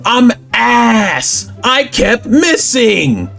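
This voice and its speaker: A man's voice: very high-pitched, sing-song, drawn-out words, vocal fry, music in the background. A man giving voice-over gameplay commentary on a headset mic, telling the story animatedly with silly sound effects. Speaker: gaming YouTuber.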